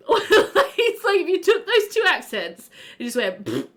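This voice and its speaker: Bright, lively woman streamer. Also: extremely high pitch, slow. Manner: animated, laughs often, chatty asides to viewers. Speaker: game streamer. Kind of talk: casual live-stream chat while playing.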